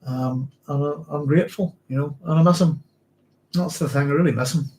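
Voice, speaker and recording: A tired middle-aged man from Northern Ireland with a mixed Northern Irish and English accent, speaking to an audience in a halting, reflective way with many restarts as he talks about his late father. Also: fairly high pitch, mellow, slight background noise. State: physically tired. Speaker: podcast host. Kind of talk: emotional personal storytelling to a live audience.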